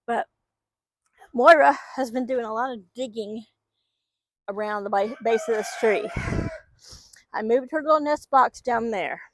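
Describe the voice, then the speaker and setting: A woman's voice: fairly high pitch, unhurried, long pauses, slight background noise. A woman keeping backyard chickens, chatting casually and rambling while she talks to her hens outdoors on a microphone. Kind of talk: casual vlog chat.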